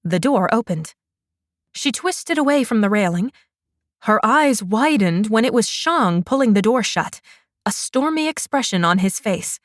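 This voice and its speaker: A woman narrating a fantasy romance audiobook in a measured, unhurried manner. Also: a little high, animated, no echo, clean studio sound.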